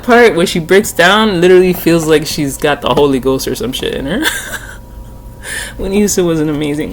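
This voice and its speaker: A woman's voice: low voice, moderate pace, a little hiss or hum. A woman hosting her own tarot channel, talking casually from home in a rambling, chatty way with frequent laughter and the odd swear word. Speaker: tarot reader and channel host.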